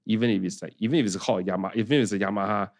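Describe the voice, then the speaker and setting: A man with a Singaporean English accent, talking in a relaxed, chatty way and doubling back on his words as he co-hosts a podcast. His voice sits a little on the low side. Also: racing. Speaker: podcast co-host. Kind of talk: casual chat.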